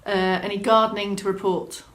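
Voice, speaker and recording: This instructor runs a live-streamed class at normal speed, chatting over comments and giving supportive, clear directions. Her mid-range voice is a bit bright but barely moves in pitch.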